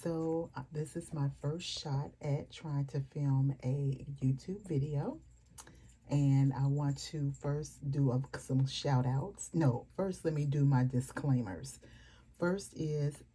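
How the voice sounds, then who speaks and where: Woman, casual home vlog, rambling chatty manner, deep mellow voice. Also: slightly rough. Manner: chatty, rambling with fillers and asides. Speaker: planner vlogger. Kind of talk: casual chat to camera.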